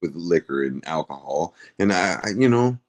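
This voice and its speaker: Low-voiced guy chatting, kinda halting, voice swings up and down a lot. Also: animated. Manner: earnest, halting, quick to agree. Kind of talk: casual profane chat.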